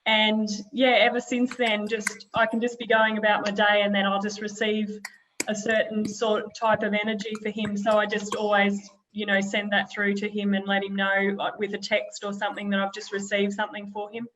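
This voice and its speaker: A woman's voice: mid-range voice, completely flat delivery, moderate pace, a bit bright, slight background noise. A woman guest telling of her healing work, hesitant and full of fillers, on a dull phone-call line. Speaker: guest healer. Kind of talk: casual storytelling.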